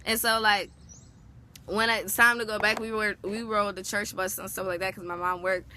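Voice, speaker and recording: A young woman vlogger telling a personal story in a casual, animated, heavily profane and slangy way. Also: medium pitch, normal speed, slight background noise.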